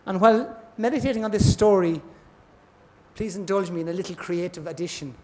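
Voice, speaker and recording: Man, high voice, lecturing on scripture and acting out parable voices in a lively way. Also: fairly quick. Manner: storytelling, acts out voices in parables. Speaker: class speaker. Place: temple hall.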